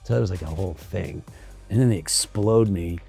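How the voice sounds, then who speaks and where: A male actor telling lively anecdotes in a casual interview, acting out what others said and swearing now and then. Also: sits low, a little fast, creaky, soft background music. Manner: animated, acts out quotes of others, casual swearing.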